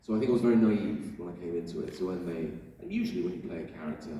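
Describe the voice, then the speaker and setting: A man with a low voice that swings up and down very lively, chatting playfully and mocking himself on a panel. He is heard from far off in a big echoing convention hall, with long reverb and faint noise behind him. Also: rapid-fire. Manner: playful, self-mocking, laughs often. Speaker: actor, guest on a convention panel. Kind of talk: casual panel answers with anecdotes. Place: large convention hall with audience.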